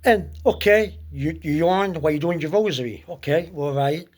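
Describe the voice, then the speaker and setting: A man giving casual spoken advice on prayer, halting often with fillers and restarts. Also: on the high side, darkish tone. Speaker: speaker giving religious advice.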